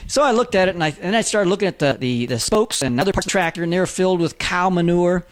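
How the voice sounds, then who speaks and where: A man in his fifties telling a personal story as a lesson, in a halting folksy way with lots of fillers. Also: high-pitched, animated. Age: 50s. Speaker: author and motivational speaker.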